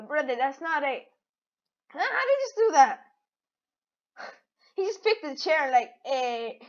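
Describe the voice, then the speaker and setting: Giggly excitable woman, dull lo-fi audio. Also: sits high. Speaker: gaming channel host. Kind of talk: casual game commentary.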